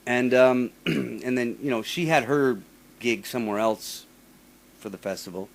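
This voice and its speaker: This podcast host tells a long story in a casual chat, swearing liberally, repeating himself, restarting often and mimicking others in an animated way. His mid-range voice moves a little slowly and has vocal fry.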